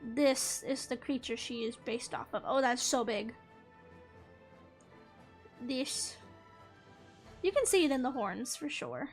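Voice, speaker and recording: A woman's voice: fairly high pitch, animated, slow pace, long pauses, soft background music. A young woman streamer chatting casually over gameplay, bubbly and giggly, talking to her viewers. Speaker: gaming streamer.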